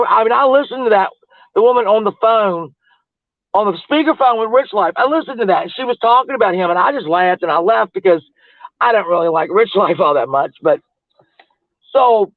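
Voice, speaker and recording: A woman's voice: mid-range voice, no echo. A woman livestreaming, chatting casually with viewers in a gossipy, rambling way and laughing often. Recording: tinny phone-like audio, dry.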